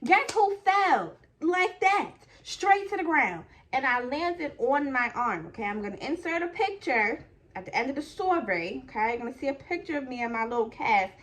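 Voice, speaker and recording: A woman's voice: high voice, expressive, brisk, fairly bright tone, slight background noise. Chatty young woman telling a story. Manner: chatty, full of "like" and "okay?". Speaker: vlogger. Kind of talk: casual storytelling.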